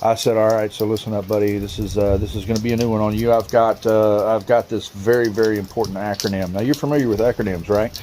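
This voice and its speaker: A man telling a long prank story in a rough, profane, teasing way, with drawn-out, mock-serious emphasis. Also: lowish voice, fairly even intonation, mellow, a little hiss or hum. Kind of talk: storytelling monologue.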